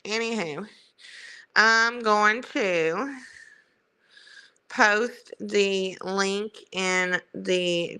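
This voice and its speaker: A woman's voice: mid-range voice, bright, forceful tone, clear, resonant tone. A woman with a Southern US country accent, hosting a livestream in chatty, rambling, self-mocking casual talk. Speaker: livestream host. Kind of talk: casual chat.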